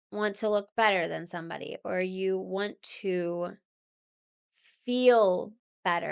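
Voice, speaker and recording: A woman's voice: mid-range voice, fairly bright tone, clear, resonant tone. A young woman, a makeup artist, chatting as a podcast guest, bubbly and prone to giggling. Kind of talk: casual podcast chat.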